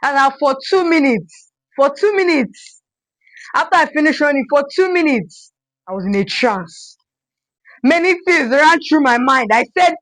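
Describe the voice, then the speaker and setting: Young Nigerian woman, high voice, animated storytime vlogger. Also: moderate pace, dry recording, rough recording. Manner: animated, dramatic storyteller acting out scenes. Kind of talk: storytime vlog.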